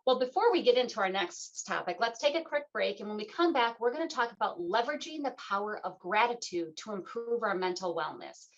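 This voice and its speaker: A middle-aged woman hosting a talk radio show, chatting in a lively, playful way and acting out the voices she quotes. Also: medium pitch, fairly quick, few pauses. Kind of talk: casual conversational interview. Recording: dull lo-fi sound.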